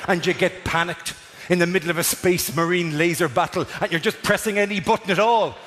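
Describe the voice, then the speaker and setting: A man with an Irish accent performing a stand-up routine on a theatre stage, rambling quickly and acting out little scenes. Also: sits high, fairly bright tone. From Ireland. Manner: rapid rambling delivery with acted-out bits. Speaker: stand-up comedian. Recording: live theatre with noise.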